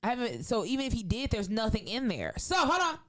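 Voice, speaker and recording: A woman comedian telling a long story in casual chat, animated and profane, laughing often and acting out the lines of the people in it. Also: on the high side, quick pace. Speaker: comedian guest.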